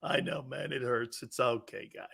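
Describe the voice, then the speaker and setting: A man's voice: medium pitch, moderate pace, gravelly, a bit bright, husky. A man hosting a live sports talk show, boisterous and teasing, reading chat messages and laughing a lot. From Italian-American background.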